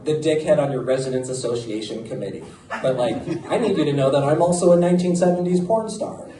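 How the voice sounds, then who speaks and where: A man's voice: fairly high pitch, background noise. A middle-aged American man performing a self-mocking stand-up comedy set in a club, with audience laughter behind him. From United States. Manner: punchy, self-mocking delivery. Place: comedy club stage before a live audience. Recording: roomy live club sound from a distance.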